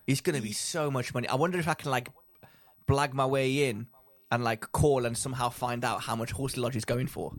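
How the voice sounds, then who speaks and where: A man co-hosting a podcast, talking in an excitable, rambling way. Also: medium pitch, brisk. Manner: excitable, rambling, laughs often, trails off mid-thought. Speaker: podcast co-host. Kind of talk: casual chat.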